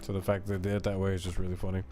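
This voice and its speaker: A man streaming a video game, chatting excitedly and casually while reading chat messages aloud. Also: deep voice, rapid-fire. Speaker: gaming streamer. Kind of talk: casual let's-play commentary. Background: game music.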